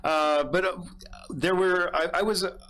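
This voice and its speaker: A man's voice: sits high, steady tone, a little slow, a bit bright. A man co-hosting a talk show, telling rambling self-deprecating stories with restarts and laughs. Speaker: co-host. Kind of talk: casual talk-show chat.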